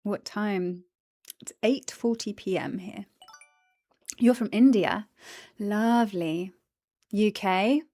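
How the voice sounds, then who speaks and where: A woman's voice: mid-range voice, takes it slowly, pauses often, warm tone, no echo, clean studio sound. A woman chatting casually on a livestream, greeting viewers, giggling, tired after the gym. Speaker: streamer.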